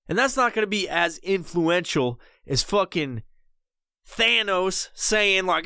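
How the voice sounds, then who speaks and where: A man's voice: a little high, normal speed, dry recording. Guy ranting on his podcast, cussing a lot, voice swings all over, dry close mic. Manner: profane, rambling, animated. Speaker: podcast host. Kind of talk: casual podcast rant.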